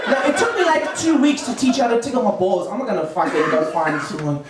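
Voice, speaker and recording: A South African man in his thirties performs a rambling stand-up set at a comedy club open mic, his high voice fast and sing-song, full of fillers, restarts and self-interruptions. The echoey room mic picks him up from far off, with heavy background noise and audience laughter.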